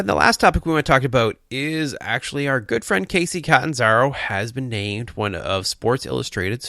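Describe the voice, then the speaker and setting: A man's voice: mid-range voice, pushed and bright, no echo, studio quality. A man co-hosting a casual podcast, talking earnestly and with enthusiasm in bursts, with restarts. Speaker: podcast co-host.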